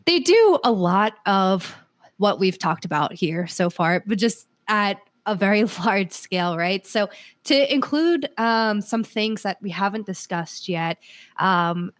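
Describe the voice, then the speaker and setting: A woman's voice: medium pitch, animated, measured pace, no room sound. Chatty woman, dry close sound. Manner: conversational, hedges with fillers and restarts. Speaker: solutions architect guest. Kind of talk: casual podcast discussion.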